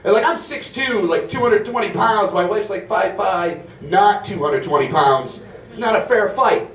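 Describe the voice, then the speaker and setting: A man performing stand-up with a brash, foul-mouthed storytelling manner. His voice sits high for a man. The sound is roomy and a little distant from the mic. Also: expressive, normal speed, fairly bright tone. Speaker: stand-up comedian. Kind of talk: stand-up comedy set. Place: comedy club stage.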